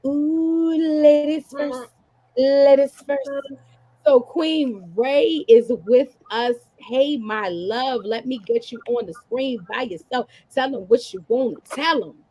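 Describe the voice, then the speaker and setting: A Baltimore woman, a comedian and host, leads an energetic podcast conversation over video call, shouting out to her audience again and again with lots of hype. Her voice is slightly high and a bit slow, with a breathy edge.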